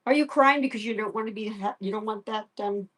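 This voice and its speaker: A middle-aged woman hosting a home live stream, softly sweet-talking her pet and chatting casually with viewers. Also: medium pitch, brisk. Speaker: pet livestream host.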